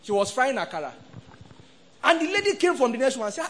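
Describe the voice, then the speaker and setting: Animated Nigerian pastor, high lively voice. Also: male voice, quick pace, pauses often. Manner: animated, call-and-response preaching, acts out quoted voices. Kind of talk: sermon.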